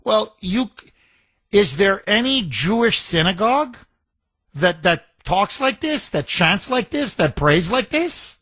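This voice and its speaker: Guy hosting talk radio, high voice, slow and fired up, bone dry studio sound. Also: very animated, sharp tone, dry recording. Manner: indignant, emphatic, rhetorical questions. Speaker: radio talk show host.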